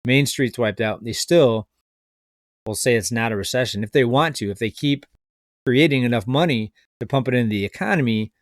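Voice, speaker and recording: Brief: male finance commentator, mid-pitched, skeptical and rambling, close dry mic. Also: no room sound. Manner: skeptical, rambling, addresses viewers as folks. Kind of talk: casual video commentary.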